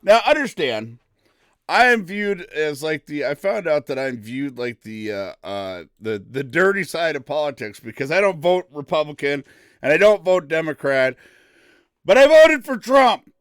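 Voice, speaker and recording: Excitable guy running his morning show, highish voice, real dry sound. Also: moderate pace, clear, resonant tone, no echo. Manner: loud, excitable, folksy drawl. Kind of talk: casual live stream talk.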